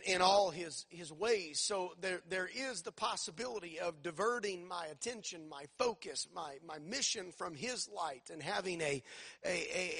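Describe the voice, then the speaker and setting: Guy preaching a sermon, high-ish gravelly voice, kinda husky, pushes hard on key words. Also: bright, forceful tone. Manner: emphatic, call-and-response preaching with repeated phrases.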